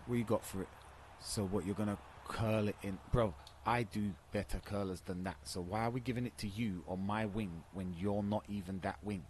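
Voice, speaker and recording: A man's voice: deep voice, a little mellow, slight background noise. A man, streaming a football game and cursing at his teammates in frustrated trash talk. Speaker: gaming streamer. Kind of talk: live gameplay commentary.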